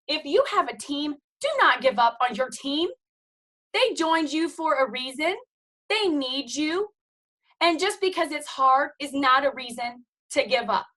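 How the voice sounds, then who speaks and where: A woman's voice: sits high, sharp tone, poor audio. A woman, likely in her thirties, giving an emphatic, preachy motivational talk to her team on a video call, full of "you guys" and "okay?". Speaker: team leader speaking on a team call.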